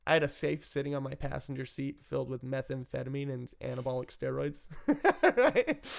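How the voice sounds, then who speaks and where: A man's voice: mid-range voice, lively intonation, moderate pace, creaky. A man telling a personal story in a casual, self-mocking way, swearing freely and laughing often. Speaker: storyteller recounting his addiction.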